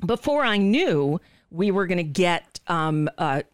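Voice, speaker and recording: A woman's voice: lowish voice, sing-song, a little slow, smooth, no echo. A woman hosting a livestreamed political talk show on a studio microphone. She speaks bluntly and indignantly, swears freely and often restarts her sentences.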